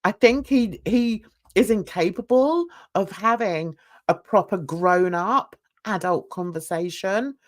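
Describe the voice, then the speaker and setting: A woman's voice: medium pitch, slow pace. A woman hosting a drama commentary show, giving emphatic, scornful opinions. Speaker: host.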